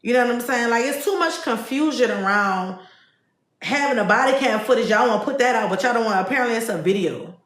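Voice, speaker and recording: Brief: woman podcast host, heated and profane on a livestream, recorded in a roomy space. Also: sits high. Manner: blunt, profane, heated ranting. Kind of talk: casual livestream commentary.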